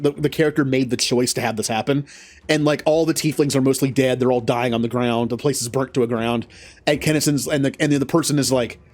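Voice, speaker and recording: A man giving casual gameplay commentary. He talks to the characters on screen and yelps loudly at setbacks. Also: medium pitch. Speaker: gaming channel host.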